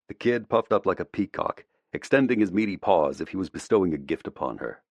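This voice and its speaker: A man narrating a first-person audiobook in a measured, reflective way, close to the mic. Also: low-pitched, animated, no echo.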